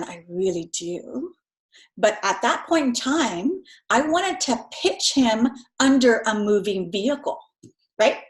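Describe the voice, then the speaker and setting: Chatty woman lecturing in an echoey room. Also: on the high side. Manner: conversational, keeps adding "right?". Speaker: instructor. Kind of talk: recorded lecture.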